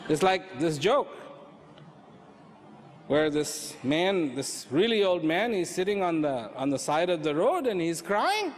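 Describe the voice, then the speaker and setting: A man giving an inspirational talk on inner peace, slow and reflective, repeating phrases for emphasis. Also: sits high, expressive, a little hiss or hum. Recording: hall reverb with faint ambience.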